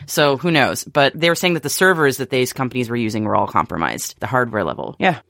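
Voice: mid-range voice, fast, gravelly, bright, forceful tone, no room sound, clean studio sound. An American podcast co-host in a casual tech-news chat, talking with frequent restarts and laughs. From United States. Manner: chatty, laughs often, many restarts.

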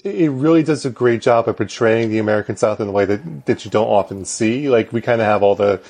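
A man's voice: fairly low pitch, fast, darkish tone. A middle-aged man co-hosting a podcast, chatting casually in a rambling, joking way with some laughs. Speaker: podcast co-host. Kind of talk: casual chat.

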